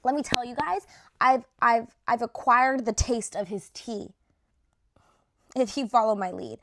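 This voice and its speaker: Ranking reality show contestants on her vlog, this young woman chats casually and effusively, peppering her talk with "like" and the occasional curse. She speaks a little slowly with a fairly high, slightly bright voice that's starting to give out and sounds somewhat worn.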